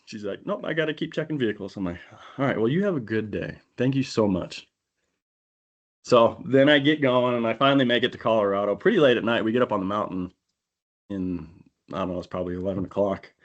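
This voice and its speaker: A man with a fairly low voice tells a long story on a podcast, relaxed and chatty. He gets animated and slips into voices for the people in it, like a natural yarn-spinner. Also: fairly quick, muffled recording. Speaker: podcast co-host. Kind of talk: casual storytelling. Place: indoor podcast studio.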